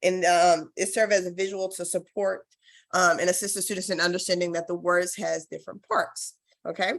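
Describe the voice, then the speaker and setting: A woman's voice: lowish voice, little pitch movement, a little fast, vocal fry, no room sound. A woman presenting at a conference, explaining casually with some fillers. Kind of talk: presentation talk.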